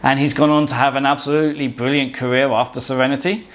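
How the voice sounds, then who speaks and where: A man's voice: medium pitch, little pitch movement, fast, fairly bright tone. A man giving casual, opinionated film commentary as a video essay host, rambling and often restarting words mid-sentence. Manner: opinionated and emphatic.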